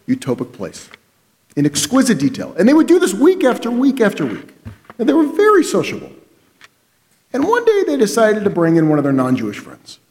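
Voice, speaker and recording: A man, a rabbi, telling a story in a sermon and bringing its dialogue to life. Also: fairly high pitch. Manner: animated storyteller, acts out quoted dialogue. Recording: reverberant hall sound.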